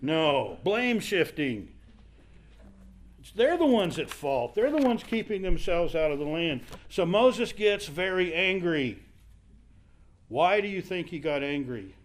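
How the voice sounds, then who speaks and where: A man's voice: fairly high pitch, big pitch swings, takes it slowly. A man teaching a Bible passage in a conversational sermon, acting out the quoted speakers as he goes.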